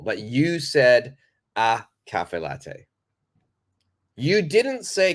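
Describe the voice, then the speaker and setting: Lively man teaching English live. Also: medium pitch, takes it slowly, pauses often. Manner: lively, emphatic explaining, reads viewer comments aloud. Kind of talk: live online English lesson.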